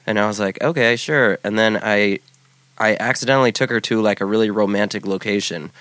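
A man in his forties telling a personal story in casual chat, halting often with restarts and fillers. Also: lowish voice, fairly bright tone, no room sound. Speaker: podcast guest.

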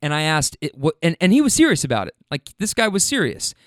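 A man hosting a casual monologue, animated and frank, swearing freely as he retells a conversation. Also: on the high side, quick pace, no room sound, studio quality.

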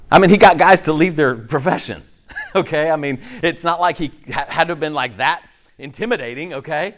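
Male pastor, slightly higher voice, chatty sermon delivery, acts out quick voices, keeps checking in with the congregation. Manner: conversational, animated, acts out voices, frequent "okay?" and "right?".

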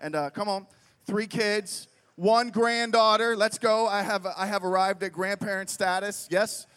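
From a festival stage, a middle-aged Pittsburgh preacher tells a humorous story in a bright, fairly high, clean voice, speaking a little slowly. He's animated, constantly quizzing the crowd and sprinkling in fillers like "like" and "right?". A long reverb from the large hall trails after his words.

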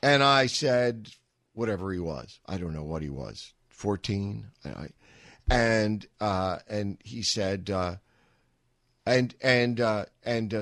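A man's voice: lowish voice, animated, slow, long pauses, a bit bright, no echo. A middle-aged man hosting a talk radio show, telling a rambling story with wry asides into a studio microphone.

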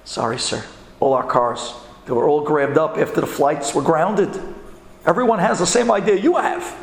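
A man's voice: a little high, moderate pace, vocal fry, roomy sound, big-room sound, a little hiss or hum, voice pushed down. A man voicing an apologetic rental car clerk.

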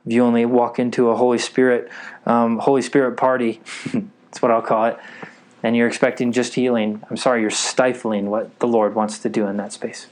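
An eager man preaching a sermon to a gathered group. He keeps pausing to ask whether his listeners are with him. His voice sits at an ordinary male pitch. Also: little pitch movement, darkish tone. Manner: eager, keeps checking in with the audience.

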